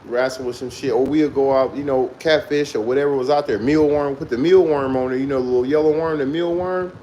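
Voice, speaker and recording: A man's voice: a little high, darkish tone, slight background noise, poor audio. Laid-back man telling a story, laughing. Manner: loose, profane, laughs through his story. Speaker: vlogger telling a childhood story. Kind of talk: casual storytelling monologue.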